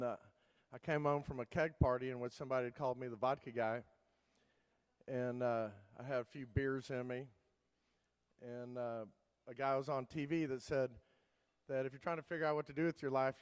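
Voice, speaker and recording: A man's voice: mid-range voice, smooth. A man giving a keynote talk, telling his story in a loose, rambling way with many fillers and restarts. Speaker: keynote speaker. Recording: long hall reverb.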